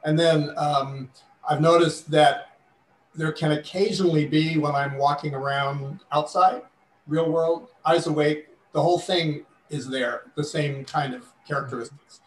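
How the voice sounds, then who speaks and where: A man's voice: fairly high pitch, fairly even intonation, a little slow. A man asking a question in a live online class, hesitant and searching for words, on a video call. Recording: roomy distant mic with faint noise.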